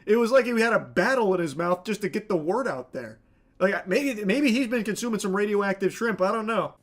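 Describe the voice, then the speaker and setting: A man's voice: sits high, expressive, fairly quick. A man hosting and commenting on a clip, ranting in a sardonic, profane way. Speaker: host.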